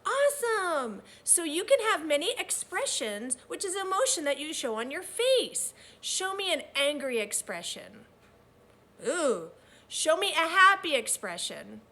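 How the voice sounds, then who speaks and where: A young woman leads a children's read-aloud lesson with a high, bright voice. Her pitch leaps all over as she cheers the class on in a sing-song, teacherly way. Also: sing-song, unhurried.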